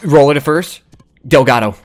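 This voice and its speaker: A young man giving crude, excitable live commentary while he plays a video game, trash-talking and yelling at the screen. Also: fairly high pitch, normal speed, slight background noise. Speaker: gaming streamer.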